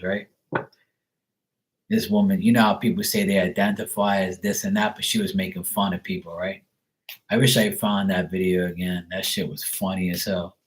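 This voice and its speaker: A man giving casual, profane tarot readings on a livestream, chatting loosely and laughing often between cards. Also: sits low. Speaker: tarot reader.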